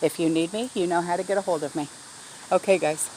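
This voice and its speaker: A woman's voice: fairly low pitch, fairly even intonation, fast, warm tone, a little hiss or hum, low-quality recording. A middle-aged woman talking casually in a rambling, heartfelt way, with lots of fillers, in a backyard garden video. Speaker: garden vlogger. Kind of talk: casual vlog talk.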